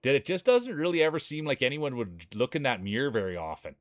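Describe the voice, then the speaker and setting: A man calls a marble race live on stream in an energetic, joking hype-man manner. His voice is of middling pitch and sounds dry and close, with hardly any room sound. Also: fast talker, no echo.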